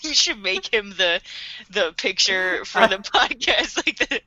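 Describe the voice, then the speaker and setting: A woman hosting a podcast in casual recap chat, animated, laughing often and acting out characters. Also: medium pitch, measured pace, no room sound, highs cut off. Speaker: podcast host.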